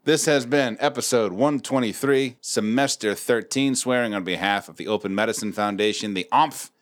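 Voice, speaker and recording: A man's voice: lowish voice, moderate pace. Profane, joking podcast host man. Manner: profane, joking, loose delivery. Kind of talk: casual banter.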